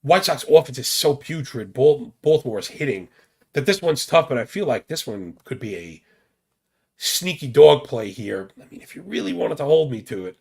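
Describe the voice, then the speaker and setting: Male betting podcast host, casual and stat-heavy, a bit of fry in the voice. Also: mid-range voice, lively intonation, darkish tone. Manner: rapid stat-heavy banter with slang.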